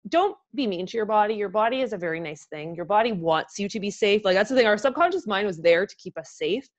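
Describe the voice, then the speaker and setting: A young woman co-host talks warmly and openly, encouraging listeners. Her pitch sits in the middle of the range. The audio sounds muffled and dull. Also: animated, quick pace. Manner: heartfelt, emotional, encouraging. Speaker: podcast co-host. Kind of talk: motivational podcast chat.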